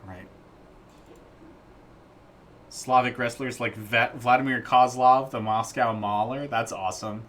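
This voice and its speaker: Bright-voiced man rambling on a dev stream. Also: medium pitch, fairly even intonation, unhurried, long pauses. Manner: rambling, playful, jokey asides. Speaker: indie game developer streaming his work. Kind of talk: casual live-stream chat.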